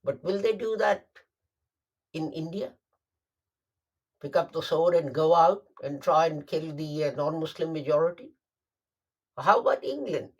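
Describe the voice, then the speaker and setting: A man delivering a Friday sermon, emphatic and deliberate, repeating phrases for stress. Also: fairly high pitch. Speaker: preacher.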